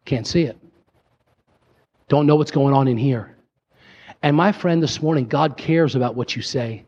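A male pastor preaching a sermon in a church, driving his points home through repetition and easing into relaxed, joking asides. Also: a little high, moderate pace, breathy edge, long reverb tail, muffled recording. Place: church sanctuary.

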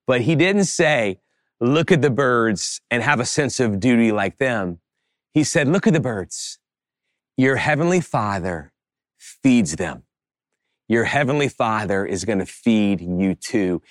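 Male pastor, sermon delivery, mid-range voice, shifts between emphatic and quiet, dry close recording. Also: mid-range voice, expressive, unhurried, no echo. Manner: preaching with rising emphatic passages and quiet asides.

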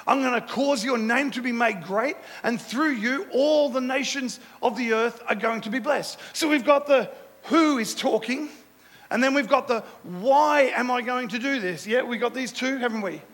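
A man's voice: very high-pitched, normal speed, fairly bright tone. A male pastor preaching a sermon, with repetitive, emphatic phrasing and call-and-response with the congregation. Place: church hall. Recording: echoey church hall with long reverb.

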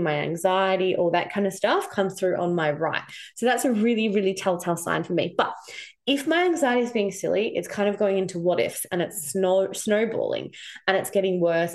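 Australian woman, 30s, casual podcast host; chatty, animated storytelling. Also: on the low side. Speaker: podcast host and intuition coach. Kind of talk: casual solo podcast talk.

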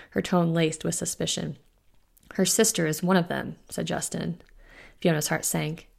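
A woman author reading her own novel aloud in a steady, measured audiobook narration. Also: on the low side, gravelly.

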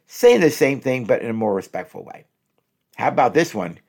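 A man working as a relationship counselor, giving advice and acting out example phrases, repeating each one twice in an animated way. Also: mid-range voice, normal speed, vocal fry. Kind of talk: advice talk with spoken examples.

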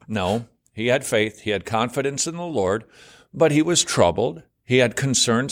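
Animated man teaching in an interview. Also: unhurried. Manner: animated, acts out worried voices with sudden high pitch jumps. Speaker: guest author.

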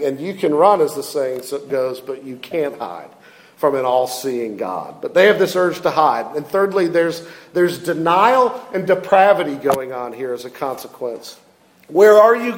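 High-voiced preacher in a reverberant hall. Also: male voice. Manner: expressive preaching, acts out quoted lines. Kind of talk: sermon.

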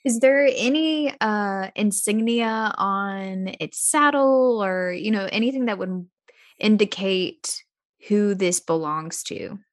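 Lady player in a tabletop game, soft polite voice, giggles a lot. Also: medium pitch, slow. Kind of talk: tabletop role-play.

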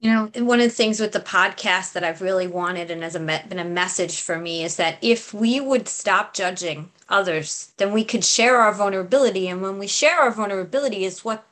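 A woman's voice: medium pitch, brisk, hardly any pauses, a bit bright. A woman hosting a podcast interview, affirming her guest and asking reflective questions. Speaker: podcast host.

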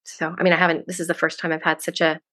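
A middle-aged woman guest on a podcast, talking casually and warmly, gushing and laughing often. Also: low voice, level tone, racing.

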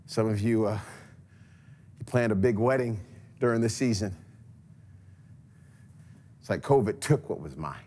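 A man preaching a sermon, telling a scripture story dramatically and swinging between loud passages and hushed ones. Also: fairly low pitch, lively intonation, measured pace, pauses often. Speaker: pastor.

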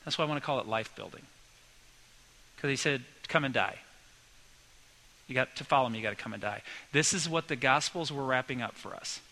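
A middle-aged pastor giving a sermon, telling family stories in a relaxed conversational way and acting out lively quoted voices. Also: male voice, mid-range voice, fairly quick, long pauses, rough recording.

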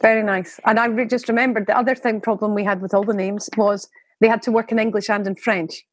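A woman talking as a podcast guest in casual chat, mid-pitched. She rambles, breaks off her own sentences and laughs often. The sound is dry and close. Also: steady tone, quick pace, dry recording, rough recording. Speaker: guest parent.

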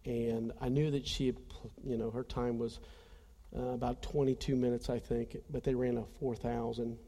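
A man's voice: medium pitch, little pitch movement, moderate pace, mellow, in a large hall. A man preaching a conversational sermon, telling a personal story earnestly and speaking straight to his congregation. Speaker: pastor.

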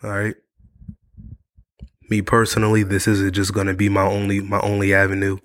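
Low, flat-voiced sick male podcast host. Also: normal speed, slight background noise. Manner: repetitive, earnest, motivational. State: sick and worn out. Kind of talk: casual monologue to camera. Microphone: studio mic.

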